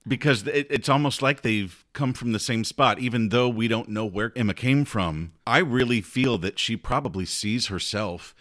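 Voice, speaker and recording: A man co-hosting a book podcast in casual chat, emotional and quick to laugh and tear up. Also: medium pitch, a bit bright, dry recording, studio quality. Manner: emotional, laughs and tears up easily. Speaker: podcast co-host.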